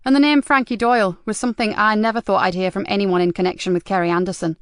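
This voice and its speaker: A woman voicing a tough, blunt female detective inspector who talks in a forceful, no-nonsense way. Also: mid-range voice, fairly even intonation, quick pace, no room sound, clean studio sound, lightly acted. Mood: grim.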